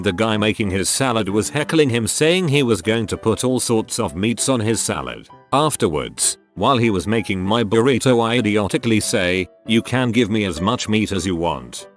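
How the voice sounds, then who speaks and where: A man with a fairly low voice reads short funny stories aloud, his pitch rising and dipping with each line. Faint music plays softly behind him. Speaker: narrator reading online posts. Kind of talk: scripted narration.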